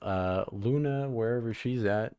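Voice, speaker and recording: A man's voice: mid-range voice, measured pace, mellow, clean tone, no room sound. Guy hosting a live podcast, rambly and sweary, dry close mic. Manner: loose, profane and rambling, reads chat aloud. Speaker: podcast host. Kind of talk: casual live-stream chat.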